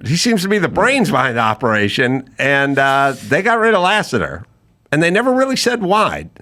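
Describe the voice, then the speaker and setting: A man's voice: fairly high pitch, huge pitch swings, brisk, bright, forceful tone. A man hosting a podcast, telling a story in casual chat and acting out the quoted dialogue in big voices. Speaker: podcast host.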